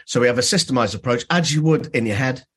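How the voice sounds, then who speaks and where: A dentist being interviewed on a podcast, telling stories in an animated way and acting out dialogue. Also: male voice, medium pitch, fast talker, breathy edge.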